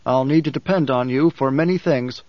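A man voicing a young male ruler who speaks in a quiet, measured, grieving way. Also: mid-range voice, dry recording, natural voice. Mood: calm. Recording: dull, dry audiobook sound.

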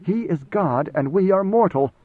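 A man voicing a fearful male messenger who speaks in a tightly controlled, urgent, hushed way. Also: sits high, expressive, normal speed, no echo, pitched above the performer's own voice. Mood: tense. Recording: tinny phone-like band, dry.

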